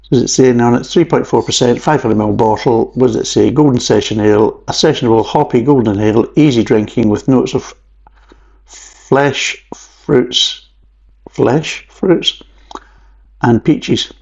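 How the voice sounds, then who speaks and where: A man's voice: mid-range voice, quick pace, creaky, dark tone, muffled recording. A Scottish man chatting through a beer review, rambling along with jokey asides. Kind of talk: casual vlog review. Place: at home at a table.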